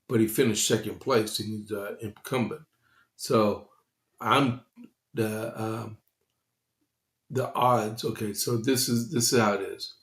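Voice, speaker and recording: A man with a lowish voice runs a casual morning news livestream and chats straight to his viewers. He talks slowly and loosely with plenty of fillers, his tone staying flat, and the room around him rings with echo. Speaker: host. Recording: echoey room.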